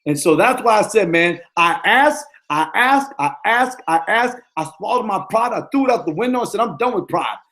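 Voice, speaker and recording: A man's voice: sits high, animated, normal speed, few pauses, a bit bright. A middle-aged man, a football coach, giving a motivational talk in an emphatic, repetitive, slangy way.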